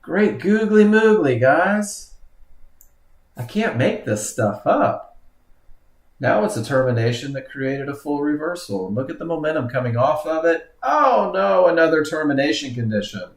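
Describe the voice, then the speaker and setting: A man's voice: mid-range voice, animated, normal speed, echoey room. A man teaching a live trading webinar, commenting on charts and often exclaiming at what the market does. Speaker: trading instructor.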